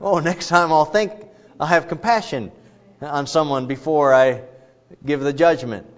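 A man doing a proud king quick to pass judgment, talking in a blunt, plain manner. The recording has a dull, lo-fi sound. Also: on the high side, in a large hall, natural voice. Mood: chastened. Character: proud king, quick to judge, then chastened.

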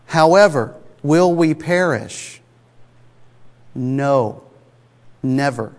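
At a measured pace, a male preacher addresses his congregation in a chatty but forceful way, frequently asking rhetorical questions. His voice is mid-pitched, and the large sanctuary adds a long, hall-like reverb.

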